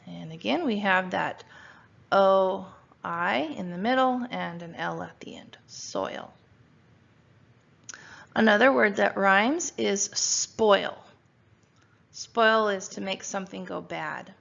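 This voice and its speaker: A woman teacher walks young children through a phonics spelling lesson and sounds out each letter with patience. Her voice has a gravelly edge and she speaks at an unhurried pace. The recording is dull and lo-fi. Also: medium pitch, a bit bright. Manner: sounds out letters slowly and patiently, asks questions. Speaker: first grade teacher.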